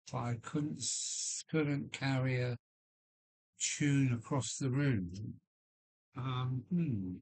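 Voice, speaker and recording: A man with a deep voice hosting a casual live stream from his loft, rambling with many fillers and restarts while chatting with viewers. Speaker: livestream host. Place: home loft.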